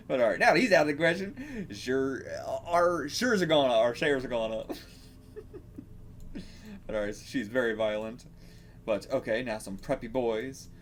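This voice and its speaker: A man's voice: mid-range voice, animated, unhurried, pauses often, a little hiss or hum. A man reacting to a manga, rambling casually, swearing and laughing as he reads.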